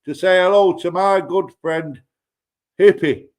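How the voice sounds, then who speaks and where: A man with an English accent rambles and swears in a loose, casual chat as a livestream guest, laughing between remarks. His voice sits a touch high. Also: unhurried, darkish tone.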